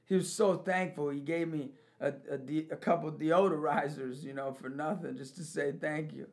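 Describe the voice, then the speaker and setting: Man, personal testimony, fairly high voice, lively storytelling, loud then hushed. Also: moderate pace. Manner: animated storytelling, swinging from loud to hushed, laughing often. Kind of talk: personal testimony about forgiveness.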